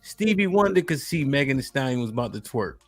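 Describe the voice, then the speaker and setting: A man's voice: medium pitch, big pitch swings, fast talker, dry recording, soft background music. A man hosting a casual live stream, joking and reading viewers' donation messages aloud. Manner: loose and joking, reads chat messages aloud. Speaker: podcast host.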